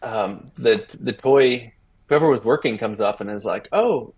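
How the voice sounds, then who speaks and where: A husky man in his thirties, an interview guest telling a rambling story and acting out the people in it. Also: on the low side, moderate pace, dull audio. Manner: rambling, animated retelling with acted-out quotes.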